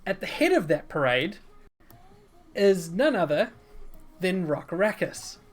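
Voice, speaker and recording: A woman narrating a tabletop game as game master in a casual, lively way. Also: fairly low pitch, measured pace. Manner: lively, casual, laughs often.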